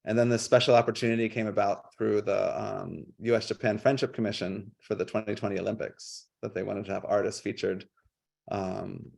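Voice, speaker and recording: A man presenting his public art work on a video call, casual and halting, with many fillers and restarts. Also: lowish voice, little pitch movement, creaky, darkish tone. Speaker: guest artist.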